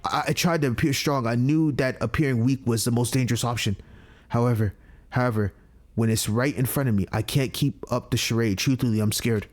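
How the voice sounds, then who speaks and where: A man's voice: mid-range voice, fairly quick, close to an everyday voice. A man voicing a frightened blind young female student in a video game, speaking in a shaky, hesitant way. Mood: fearful.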